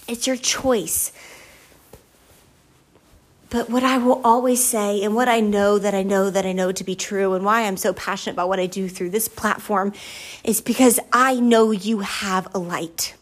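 A woman hosting a faith-based podcast, speaking with earnest emotion and chatty warmth, building her points through emphatic repetition. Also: mid-range voice, steady tone. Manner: casual and chatty, with fillers and quick laughs. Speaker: podcast host. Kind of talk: faith-based motivational monologue.

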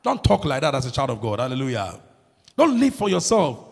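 Gravelly man preaching a lively sermon. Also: brisk. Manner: preaching with dramatic swings from shouting to low murmurs. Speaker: pastor. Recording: long hall reverb.

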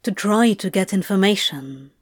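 A woman reading aloud and voicing a sly male demon who speaks low and seductively in slow murmurs. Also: animated, slightly rough, dry recording, studio quality. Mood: low, worried. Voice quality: low, hushed.

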